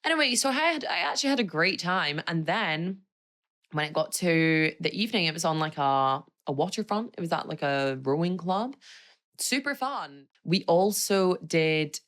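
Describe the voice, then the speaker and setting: A young woman talks to her podcast listeners in a loose, rambling chat full of tangents and little laughs. Her voice sits a touch lower than most women's, and her delivery stays bubbly and unfiltered. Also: expressive, normal speed, a bit bright. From Scotland. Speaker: podcast host. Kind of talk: casual solo podcast chat.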